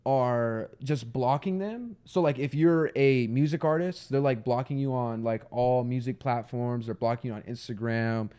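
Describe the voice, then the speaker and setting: A man's voice: medium pitch, moderate pace, few pauses, mellow, clean tone. A young man co-hosting a podcast, rambling in casual chat with many fillers. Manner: rambling, filler-heavy, says "like" a lot. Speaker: podcast co-host.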